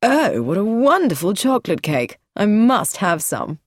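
A woman voicing a charming dark-haired man who speaks slowly, quietly and teasingly in a read-aloud story. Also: medium pitch, big pitch swings, no room sound, clean studio sound. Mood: wry.

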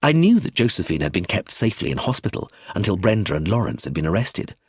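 A man reading a novel aloud as first-person narrator, measured and expressive. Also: deep voice, breathy edge, no room sound, studio quality. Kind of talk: audiobook narration.

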